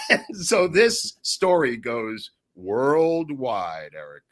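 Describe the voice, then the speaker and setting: A man tells stories as an interview guest. His delivery is animated, and he laughs mid-sentence as he goes. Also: medium pitch, normal speed. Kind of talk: storytelling anecdotes in an interview.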